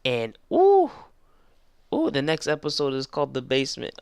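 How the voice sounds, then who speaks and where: A young man giving a casual anime episode review, excitable and rambling, full of slang and restarts. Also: on the high side, normal speed, gravelly, clean tone, no echo, clean studio sound.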